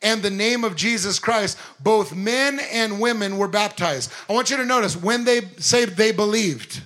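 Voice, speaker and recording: A man preaching a sermon, animated, full of quick asides and rhetorical questions to the congregation. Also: high voice. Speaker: pastor.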